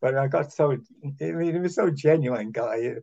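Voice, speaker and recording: Older man with a husky, muffled voice. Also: on the high side, darkish tone. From Ireland. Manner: halting, full of restarts and chuckles. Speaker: interview guest, former honorary consul. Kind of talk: rambling anecdotal conversation.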